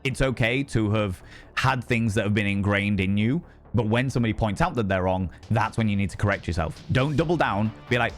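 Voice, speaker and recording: A man in his thirties talking casually on a live stream, candid and profane, rambling and breaking into animated outbursts. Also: on the low side, fairly quick, soft background music.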